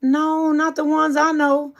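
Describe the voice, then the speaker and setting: A woman's voice: high-pitched, measured pace, highs cut off. Chatty Southern woman hosting a livestream. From New Orleans, Louisiana. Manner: chatty, greets viewers by name, drawling and animated. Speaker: YouTube coach hosting a livestream. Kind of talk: casual livestream chat.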